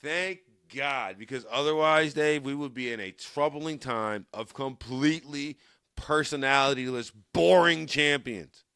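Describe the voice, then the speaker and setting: A man hosting a sports podcast, chatting casually in an energetic, emphatic way that gets louder when he is riled up. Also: mid-range voice, measured pace, clear, resonant tone, no echo, studio quality. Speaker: sports radio podcast host.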